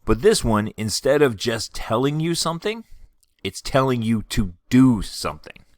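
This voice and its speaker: A man teaching a third grade class in a video lesson, explaining clearly and patiently, reading example sentences slowly and expressively. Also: mid-range voice, expressive, dry recording, clean studio sound.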